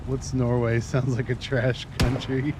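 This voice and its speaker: Chatty guy streaming a game, talks slow and easy, noisy background on the stream. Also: medium pitch, flat delivery. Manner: chatty, rambling, self-described talker. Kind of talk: casual chat while playing.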